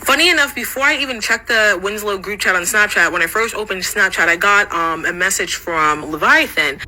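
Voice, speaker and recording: A young woman recounts a story from her school days in a casual vlog. Her voice is strikingly bright and sharp, and she talks with lively swearing, leaping up in pitch whenever she quotes someone. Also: a little fast, a little hiss or hum, low-quality recording. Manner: animated, swearing, jumps into high voices when quoting others.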